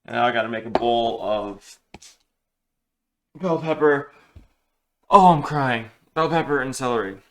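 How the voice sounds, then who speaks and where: Guy cooking in his kitchen, joking about himself, gravelly voice, kinda bright. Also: medium pitch, moderate pace, long pauses. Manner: rambling, self-deprecating, joking. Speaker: cooking vlogger. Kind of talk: casual cooking vlog. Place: home kitchen.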